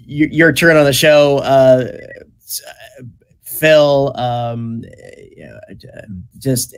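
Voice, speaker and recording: A man's voice: medium pitch, fairly even intonation, drawn-out words, clean tone. A man in his fifties hosting an online fan panel over a video call, talking hesitantly with many "uh"s and restarts. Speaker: panel host.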